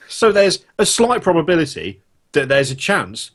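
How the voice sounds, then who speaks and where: A man's voice: on the high side, big pitch swings, a little slow, a crowd in the background. A man hosting a casual podcast chat, ranting in disbelief with lots of swearing. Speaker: podcast host.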